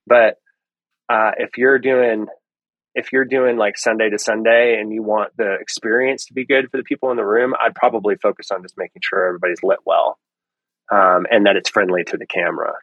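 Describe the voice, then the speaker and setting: A man guest on a podcast, explaining in a relaxed way with frequent ums and restarts. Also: lowish voice, brisk, dry recording, lo-fi sound. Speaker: lighting guest. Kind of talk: casual podcast interview.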